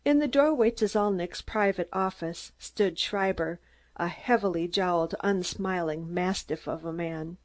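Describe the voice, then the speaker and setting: A woman's voice: lowish voice, measured pace. Woman narrating a detective audiobook. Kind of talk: scripted narration.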